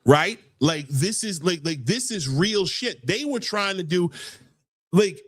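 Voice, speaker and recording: A man's voice: high voice, lively intonation, slow pace, a bit bright. A man hosting a casual political talk show, heated and rambling, often repeating words as he builds his point. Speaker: podcast host.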